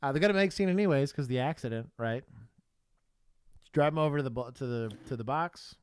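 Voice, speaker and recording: A man with a Texan accent, a former cop co-hosting a casual livestream and explaining police work with lively laughter. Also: medium pitch, fairly quick, smooth, no room sound. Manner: laughing, animated, explaining in plain terms. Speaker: podcast co-host, former police officer.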